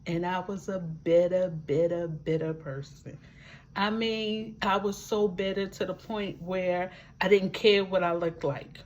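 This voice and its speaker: This woman's fairly low, somewhat mellow voice moves at an unhurried pace with fairly even intonation. A vlogger living with a disability who uses a wheelchair, she speaks to camera in a personal testimonial, emphatic and folksy, repeating words for effect.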